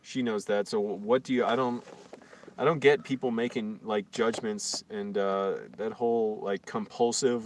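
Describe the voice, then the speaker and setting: A man's voice: on the low side, steady tone, normal speed, dry recording. A man from Virginia telling an indignant, rambling story on a livestream, with many fillers and restarts. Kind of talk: casual livestream rant.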